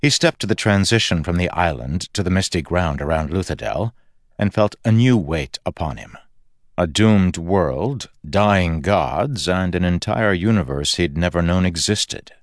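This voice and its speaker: Man, audiobook narrator, scripted narration, very deep voice, slow measured delivery, dry close recording. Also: lively intonation, no room sound.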